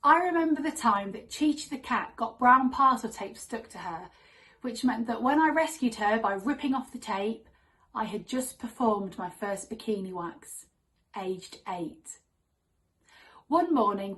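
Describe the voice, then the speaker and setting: A woman telling a comic true story on stage in a wry, deadpan manner. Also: mid-range voice, low-quality recording.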